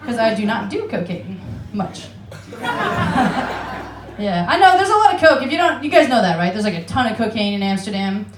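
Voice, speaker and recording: A fairly high-pitched woman with big swings in her pitch speaks at a normal speed, her voice echoing in a noisy room. She's an American from Alaska doing a stand-up set on a comedy club stage in Amsterdam, brash, profane and self-mocking, with laughing asides.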